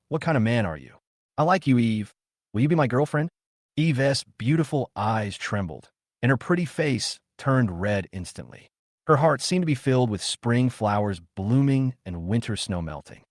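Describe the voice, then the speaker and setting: A man's voice: fairly low pitch, dry recording. Guy reading a manhwa recap, voice goes up and down a lot, dry close mic. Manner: reads all parts in one steady narrating voice. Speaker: narrator.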